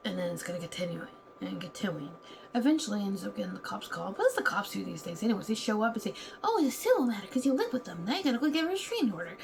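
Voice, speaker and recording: A woman's voice: mid-range voice, creaky, a little mellow, slight background noise. A woman talking candidly and heatedly in a casual vlog, now and then acting out other people's lines. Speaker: vlogger. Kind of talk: casual venting monologue.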